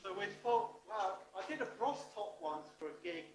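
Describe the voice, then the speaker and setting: A man's voice: high voice, lively intonation, moderate pace. A man hosting a live performance event, introducing the headline act in a chatty, enthusiastic way while fumbling with the microphone. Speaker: event host. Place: live performance venue, indoors. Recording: loud crowd noise.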